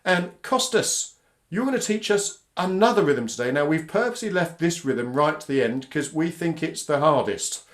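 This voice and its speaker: A man's voice: fairly high pitch, animated, moderate pace. Upbeat British man leading a drum class. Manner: upbeat, encouraging, counts in loudly. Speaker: workshop facilitator. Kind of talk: live online drumming lesson for families. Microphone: video call.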